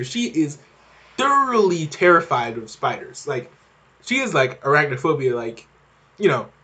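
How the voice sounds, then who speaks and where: A man's voice: a little high, a bit bright. A young man hosting a podcast, talking in a casual, rambling monologue with many fillers and restarts. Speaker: podcast host.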